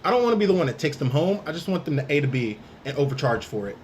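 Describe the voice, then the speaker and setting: A man's voice: a little high, sing-song, very fast. A man hosting a casual late-night podcast with friends, joking and laid-back as he wraps up the show. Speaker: podcast host. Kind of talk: casual chat. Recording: faint background noise.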